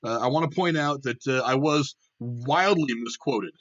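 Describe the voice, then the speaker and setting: A man's voice: medium pitch, moderate pace, a bit bright, dull audio. A young man hosting his own show, ranting bluntly with heavy swearing and frequent restarts. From Ohio. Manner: blunt, profane, heated. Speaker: political commentary host. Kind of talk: casual opinion rant.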